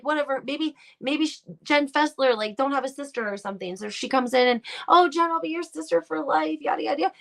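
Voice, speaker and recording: Woman host, live-stream gossip commentary, fired-up and emphatic, a bit high with vocal fry. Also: fairly bright tone. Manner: emphatic, gossipy, rhetorical questions.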